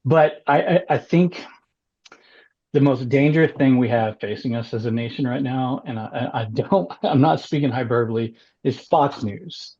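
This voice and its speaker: A man talking as a guest on a casual podcast, animated, often repeating words and laughing. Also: medium pitch, moderate pace, dull audio. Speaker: congressional candidate, guest.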